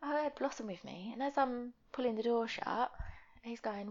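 A young woman, speaking candidly and haltingly in a personal interview, sometimes dropping to a near whisper. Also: fairly high pitch, darkish tone, highs cut off. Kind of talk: personal testimony.

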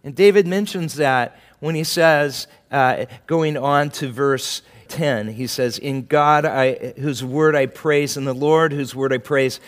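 A man preaching a sermon in a relaxed, conversational way, with asides and chuckles, acting out quoted lines with a lift in his voice. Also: mid-range voice, slow, few pauses. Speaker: pastor.

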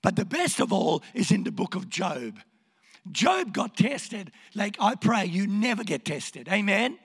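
A man preaching in a hoarse, gravelly voice, his pitch high and leaping about as he moves between quiet words and shouts. The long reverb of a church hall hangs behind every line. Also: very animated, a little slow. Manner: impassioned, swings from hushed to shouting. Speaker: pastor. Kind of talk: sermon.

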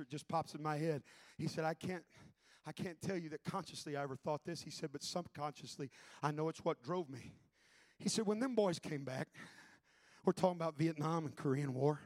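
A man preaching a Pentecostal sermon, shouting his points with rising fervor and then dropping low to tell a story. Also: dry recording. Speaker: pastor.

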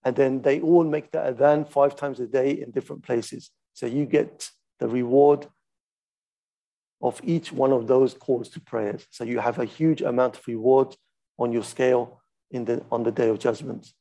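A man's voice: medium pitch, steady tone, normal speed, dark tone. A man teaching a lesson on a classical religious text, methodical and patient, stopping to demonstrate how each phrase is recited. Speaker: Islamic studies teacher.

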